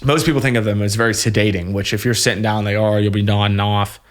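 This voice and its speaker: A young man, a podcast guest candidly telling his personal story, halting and emotional with many fillers and restarts. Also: lowish voice, fairly even intonation.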